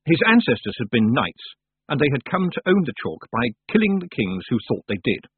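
A man narrating a humorous fantasy novel in a wry, expressive storytelling manner. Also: mid-range voice, a little fast, slightly rough, dry recording. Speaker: audiobook narrator. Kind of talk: audiobook narration. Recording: dry, tinny phone-like sound.

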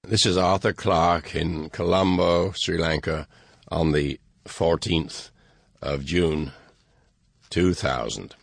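A man, the author, reading a measured introduction to his book with a dry, wry manner. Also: low-pitched, steady tone, vocal fry, slightly rough, dry recording. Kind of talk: recorded introduction, read aloud.

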